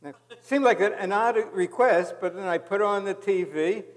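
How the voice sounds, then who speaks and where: A man's voice: high-pitched, normal speed. A man interviewing a guest on stage, chuckling often and adding quips between questions. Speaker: interviewer, event host. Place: stage in a large hall. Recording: reverberant hall.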